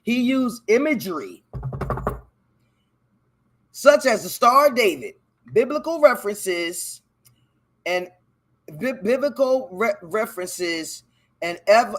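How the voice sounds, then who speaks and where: A man's voice: sits high, fairly bright tone. Profane, rambling man reading aloud. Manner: loose, profane, talks back to the text he reads; stumbles over words while reading. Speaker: podcast host. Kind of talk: casual solo commentary, reading aloud.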